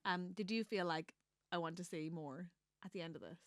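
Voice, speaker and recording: A woman's voice: lowish voice, normal speed, no echo, clean studio sound. A woman co-hosting a podcast in casual chat about a book. She laughs often and acts out the characters' lines as she recaps the story. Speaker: podcast co-host.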